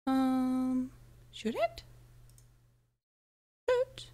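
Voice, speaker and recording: In a sing-song, high-pitched voice that's mellow and extremely slow, a woman chats casually with her viewers while streaming a game from home. Slightly sick, she's giggly, flustered, and apologetic, speaking close into a desk mic.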